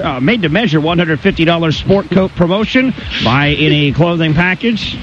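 A man reads a radio ad spot at a fast clip, cracking self-deprecating jokes between lines. His voice is a little higher than average. The sound is dull lo-fi broadcast audio with faint music behind it. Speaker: radio ad reader. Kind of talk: radio ad read and banter.

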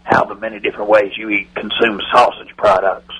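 A man's voice: lowish voice, little pitch movement, a little fast, fairly bright tone, slightly rough, poor audio. A man doing a pompous older team owner. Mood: exasperated. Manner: hesitant, full of "uh" fillers, self-important. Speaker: impression on a radio comedy bit.

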